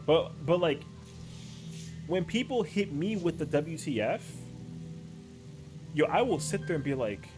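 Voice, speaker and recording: A man game streamer in casual stream chat, slangy and animated, saying yo and bro a lot. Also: a little high, unhurried, pauses often, music in the background.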